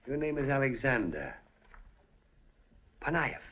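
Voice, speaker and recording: In a 1930s film with a dull old soundtrack, a man voices an older casino operator who is suave, scheming, smooth and commanding. His medium-pitched delivery is unhurried with big pitch swings, urbane, dryly amused and quietly threatening.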